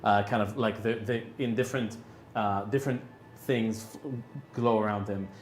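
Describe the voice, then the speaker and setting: A man narrating a tabletop game as game master, halting with many fillers and restarts. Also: lowish voice, steady tone, roomy sound, a little hiss or hum.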